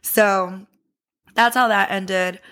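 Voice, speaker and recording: Profane, gravelly-voiced woman telling a story. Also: mid-range voice, extremely slow. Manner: candid and heavily profane; lively, animated retelling. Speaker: podcast host. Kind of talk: casual storytelling.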